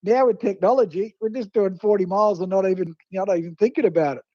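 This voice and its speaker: High-voiced Australian man on the phone. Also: fast talker, no room sound. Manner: animated anecdotes, acting out quoted voices. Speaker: guest fishing writer and photographer. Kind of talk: casual storytelling over the phone. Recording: muffled phone line.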